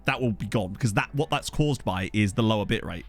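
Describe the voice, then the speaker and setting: A man's voice: fairly low pitch, a little fast, soft background music. A young man streaming at home, chatting and rambling to his viewers while playing a game. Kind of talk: casual live-stream chat while playing. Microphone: desktop USB mic.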